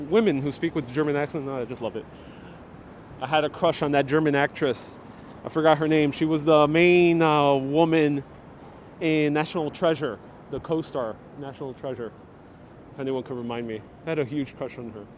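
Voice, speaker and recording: A man's voice: a little high, moderate pace, pauses often, a little hiss or hum. Chatty man touring a city street live. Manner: chatty, reads viewer comments aloud. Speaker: livestream city tour guide. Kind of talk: live walking tour chat with viewers. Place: outdoors on a windy city street. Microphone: wireless lapel mic with phone on gimbal. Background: street ambience.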